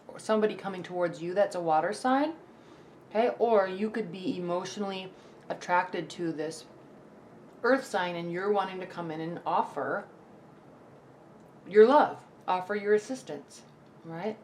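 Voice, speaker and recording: This tarot reader speaks to camera in a darkish mid-range voice, with a faint hiss or hum behind it. Her casual forecast is loose and reassuring, full of restarts and check-ins like "okay?" and "right?".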